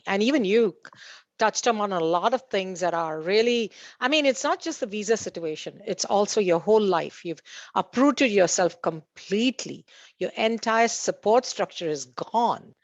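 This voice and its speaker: A woman with a medium-pitched, animated voice talks at normal speed, recorded dull and dry with no room sound. As a panelist at a community meeting she works through her points loosely and hesitantly, full of fillers, false starts and restarts, and laughs at her own anecdotes.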